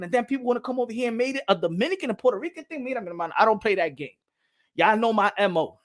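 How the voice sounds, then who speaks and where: A man's voice: high-pitched, rapid-fire. A man hosting a boxing channel in casual vlog commentary, emphatic and repetitive, laughing between points. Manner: animated, emphatic, repeats phrases often.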